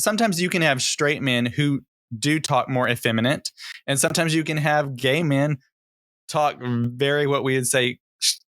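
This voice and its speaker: A man's voice: medium pitch, a bit bright, dry recording. Guy co-hosting a podcast, lotta ums and likes, mid voice, dry room. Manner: loose and hesitant, many fillers. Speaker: podcast co-host. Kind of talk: casual chat.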